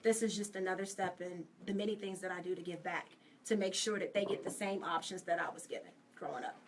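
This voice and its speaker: A woman's voice: on the low side, fairly even intonation, fast, background noise. A woman dentist chatting casually as a guest, explaining things frankly and calling people "baby". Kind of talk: casual chat.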